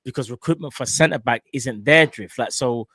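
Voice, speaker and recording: A man hosting a casual football podcast, talking in animated, slangy banter and laughing often. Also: mid-range voice, normal speed, husky, no room sound, studio quality. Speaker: host.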